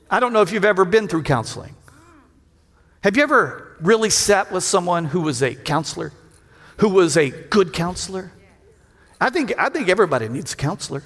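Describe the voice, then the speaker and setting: A middle-aged man preaches a sermon in a high-pitched voice. He calls on his congregation for responses and slips into quoted voices with shouts. The sound rings through a large hall with long reverb. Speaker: pastor.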